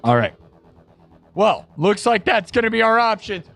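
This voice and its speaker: A man's voice: high voice, sing-song, normal speed, gravelly, long pauses, fairly bright tone. A man hosting a live music stream in casual, brash, teasing chat. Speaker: livestream host and musician.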